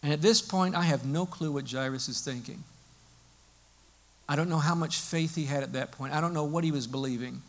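A male pastor preaching a sermon in a lively, storytelling way, explaining as he goes. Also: fairly high pitch, brisk.

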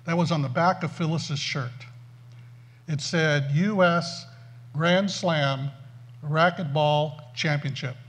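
A man preaching through a funny personal story, animated and self-mocking. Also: on the high side. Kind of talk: storytelling sermon.

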